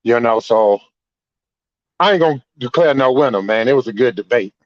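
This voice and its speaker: A man's voice: mid-range voice, lively intonation, normal speed, no room sound, lo-fi sound. A man calling into a podcast in an easygoing way, tagging his sentences with "man". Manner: easygoing, sprinkles 'man' everywhere. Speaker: caller. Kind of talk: casual call-in commentary.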